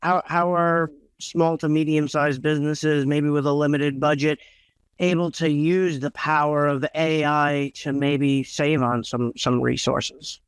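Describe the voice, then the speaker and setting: Smooth-voiced male podcast host. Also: fairly high pitch, measured pace, no room sound. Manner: brief affirming interjections, relaxed questioning. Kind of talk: casual podcast conversation.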